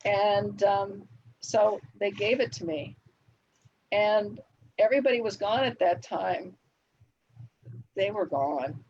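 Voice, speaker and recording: An older woman speaks as a guest on a live stream, reminiscing with easy laughs and plenty of ums. Her voice is a little husky. The audio is dull and lo-fi, like a home computer mic. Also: mid-range voice, slow pace, pauses often, darkish tone. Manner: reminiscing, frequent laughs and fillers. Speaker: guest TV writer. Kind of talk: relaxed anecdotal interview answers.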